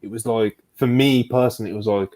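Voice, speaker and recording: A man co-hosting a podcast in casual chat, excitable, swearing freely and retelling events at length. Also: lowish voice, fast talker. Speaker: podcast co-host.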